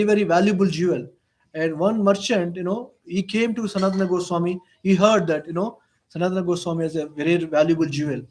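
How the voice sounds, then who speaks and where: A man's voice: high-pitched, a little mellow. A man giving a storytelling lecture on scripture. He speaks non-native English with many "you know" fillers. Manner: frequent "you know" fillers, retells stories with quoted dialogue. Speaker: lecturer on the Bhagavad-gita.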